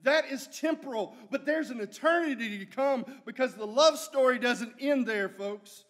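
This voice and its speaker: A man's voice: very high-pitched, moderate pace, a bit bright. A man preaching a sermon as a guest preacher, folksy and storytelling, repeating phrases for emphasis.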